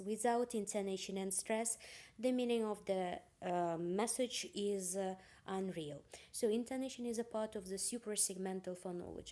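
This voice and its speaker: A woman giving a university phonetics lecture, pausing often with fillers and restarts. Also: mid-range voice, dark tone. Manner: hesitant, many fillers and restarts.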